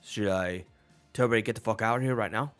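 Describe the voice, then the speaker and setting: Eager dim-witted bouncer, put on by a male game master, rushed and rough. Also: on the low side, a bit bright, faint music behind, natural voice.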